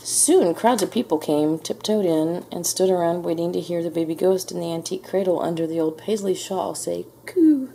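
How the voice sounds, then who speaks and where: A woman reading a children's picture book aloud in a gentle, measured storytelling manner. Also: on the low side, gravelly, a little hiss or hum. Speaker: storybook reader. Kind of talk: children's read-aloud narration.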